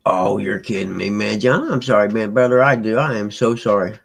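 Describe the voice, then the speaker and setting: A man with a fairly low, creaky voice talks a little fast during a casual live stream, chatting with viewers by name as he reads chat. He rambles in a relaxed way, and the recording is rough.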